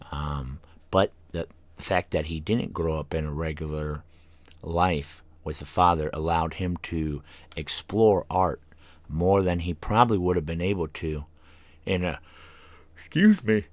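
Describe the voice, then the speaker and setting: A man's voice: rumbling low, dry recording. A man hosting an internet radio show, rambling tiredly from one tangent to the next with many fillers and yawns. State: tired, yawning. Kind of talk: casual rambling monologue. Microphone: studio microphone.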